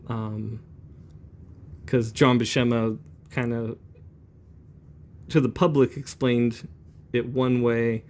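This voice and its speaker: A man in his forties talks calmly while he demonstrates brush inking, rambling a little as he works. His voice sits at an ordinary pitch and sounds mellow and warm. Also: takes it slowly, long pauses. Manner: relaxed, rambling, calm and chatty. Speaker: comic book inker.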